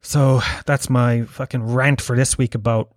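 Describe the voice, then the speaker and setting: A man's voice: medium pitch, fairly even intonation, measured pace, dry recording, studio quality. A man hosting his podcast, delivering a rambling, profane monologue and laughing at his own jokes. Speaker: podcast host. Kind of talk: casual ranting monologue.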